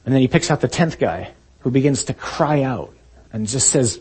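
A man preaching a sermon, retelling a story vividly and acting out shouted lines. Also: medium pitch, lively intonation, moderate pace, breathy edge.

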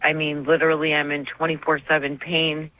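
A woman's voice: low-pitched, flat delivery, brisk, dry recording. A woman calling in to a radio show, talking in an earnest, emotional, devout way. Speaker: caller. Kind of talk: call-in radio conversation. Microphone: phone. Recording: dull dry phone line.

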